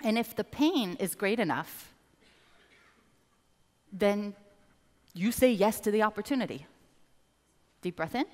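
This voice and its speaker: A woman business coach giving a motivational seminar talk, animated and addressing the audience directly. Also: medium pitch. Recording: reverberant hall.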